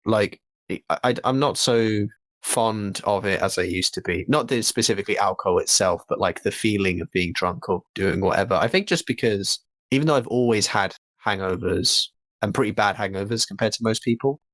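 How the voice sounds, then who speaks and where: A man's voice: lowish voice, fairly quick, a bit bright, dry recording. A young man rambling through casual podcast chat, with many restarts and fillers. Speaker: podcast co-host.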